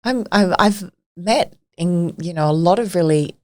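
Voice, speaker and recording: A woman's voice: fairly low pitch, a little slow, a little mellow. A middle-aged woman, a podcast guest, telling stories in casual conversation and often laughing as she talks.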